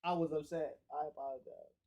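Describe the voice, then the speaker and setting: A man's voice: on the high side, fairly even intonation, brisk, dark tone. A young man livestreaming in casual chat, blunt and profane, often breaking into laughs.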